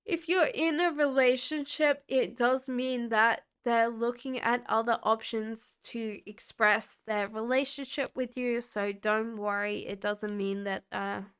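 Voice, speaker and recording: A woman doing live-stream tarot readings, talking to chat viewers in a relaxed, chatty and reassuring way. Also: fairly high pitch, clear, resonant tone. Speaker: tarot reader.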